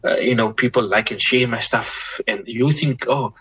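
Here a male Islamic scholar, on as a guest, gives thoughtful advice at a measured pace, often restarting or repeating himself and adding religious expressions. He speaks in a steady, mid-range, husky voice with a slightly bright quality.

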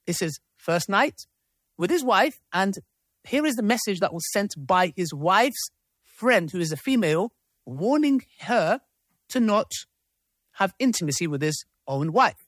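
A man's voice: high voice, very animated, a little slow, fairly bright tone, dry recording, studio quality. A man hosts a live discussion and reads messages aloud, adding his own commentary. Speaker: host.

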